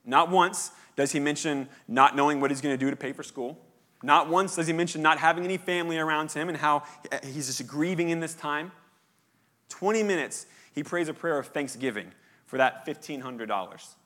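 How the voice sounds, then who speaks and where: A man preaching a sermon in a church, telling a story with animated, rising emphasis. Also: on the high side, brisk. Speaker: pastor. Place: church auditorium.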